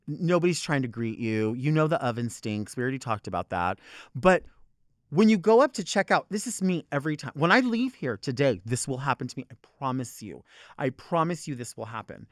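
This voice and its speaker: Brief: male talk host, sassy profane rant, bright swooping delivery, dry close sound. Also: medium pitch, no echo. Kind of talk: unscripted comic rant.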